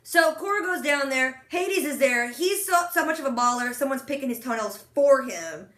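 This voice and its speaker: A young woman talks through a TV episode in casual chat. She has a high, bright voice and leaps into little quoted voices as she retells each scene. The room around her is echoey. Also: expressive, moderate pace. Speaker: podcast co-host recapping a TV episode.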